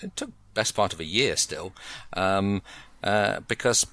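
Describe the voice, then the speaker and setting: A middle-aged man, a board game designer, giving measured, rambling explanations with many pauses in a casual podcast interview. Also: low voice, expressive, pushed and bright.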